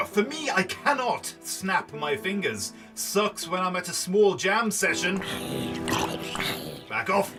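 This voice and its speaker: A man's voice: sits high, animated, slow, pushed and bright. A man, rambling playfully through let's play commentary. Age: early 30s. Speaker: gaming host. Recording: slightly distant mic, background music. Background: background music.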